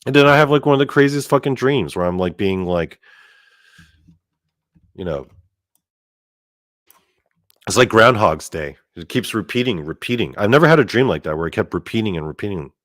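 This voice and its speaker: A man telling a story in a casual monologue, animated and profane, with lots of "like" fillers. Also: on the low side, moderate pace, pauses often, no room sound, studio quality. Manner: animated and profane, heavy use of "like". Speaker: storyteller host.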